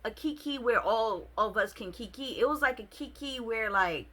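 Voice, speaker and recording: A young adult woman vlogging a casual storytime, expressive and slangy, with many fillers. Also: on the high side, moderate pace.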